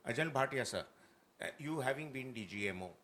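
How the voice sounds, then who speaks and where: A man moderates a panel discussion on a festival stage. He speaks bluntly and addresses his guests politely as sir. His voice sits at an ordinary pitch, with faint room noise behind it. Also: expressive, a little fast.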